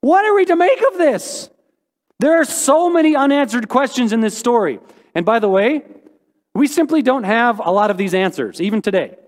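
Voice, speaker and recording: Animated pastor preaching in an echoey hall. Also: male voice, moderate pace. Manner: animated and joking, with sudden high-pitched exclamations. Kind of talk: sermon.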